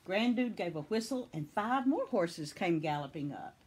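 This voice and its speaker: A woman from Tennessee reading a children's picture book aloud with expressive storytelling. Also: on the low side, normal speed, a little hiss or hum.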